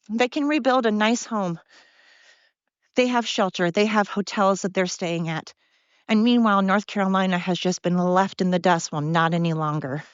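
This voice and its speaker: Out of breath from walking in the cold, a middle-aged woman hosts her podcast with a blunt, profane, sarcastic rant in a casual monologue. Her voice is medium pitch, with no room sound and the highs cut off.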